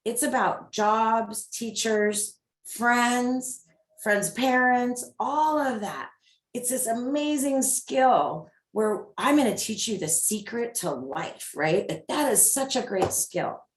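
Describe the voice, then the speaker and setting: Woman, middle-aged, parenting coach, upbeat, animated, echoey room. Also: on the high side, slow pace. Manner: upbeat, animated with lots of acted examples. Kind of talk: parenting talk.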